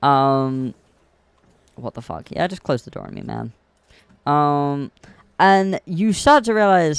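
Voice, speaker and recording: A young man streaming, casually retelling a film in a rambling, animated way full of ums. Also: fairly high pitch, normal speed, clear, resonant tone, no echo. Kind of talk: casual chat.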